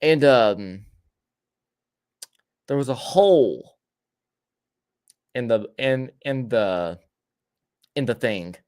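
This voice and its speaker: A podcast co-host tells a long story casually in a mid-range, darkish voice, speaking extremely slowly with long pauses yet sounding animated. He often stumbles, repeats words, and restarts, laughing between lines.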